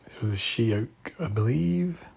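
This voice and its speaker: A man giving a casual walk-through commentary in an indoor exhibition room, speaking in quiet, murmured remarks that often drop to a whisper. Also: medium pitch, lively intonation, a little slow, vocal fry, husky. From Australia. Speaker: bonsai channel host.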